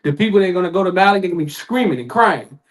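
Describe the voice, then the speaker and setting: A man's voice: sits high, animated, very fast. A man giving a sermon at a community event, in casual street talk, dramatic and acting out voices. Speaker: lecturer.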